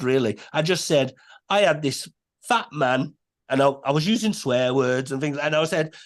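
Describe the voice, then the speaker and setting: A man, a podcast guest telling a story in a casual, animated way. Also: on the high side. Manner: animated, many restarts and quoted voices.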